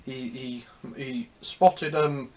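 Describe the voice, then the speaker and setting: A man hosting a music history video, talking casually and unscripted, rambling and halting with many restarts. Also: medium pitch, steady tone, darkish tone, slight background noise.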